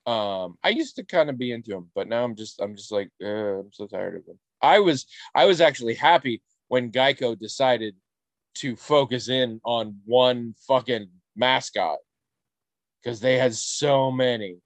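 A man's voice: mid-range voice, measured pace, no room sound. Rambling, dry-sounding male podcaster. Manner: rambling, animated, swears casually. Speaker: podcast co-host. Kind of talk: casual chat.

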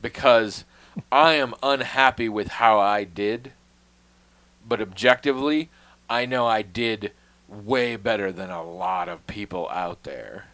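A man's voice: lowish voice, slow, fairly bright tone. A man in casual conversation, telling a long story in a wry, self-deprecating way, swearing freely and dropping to a mutter on asides.

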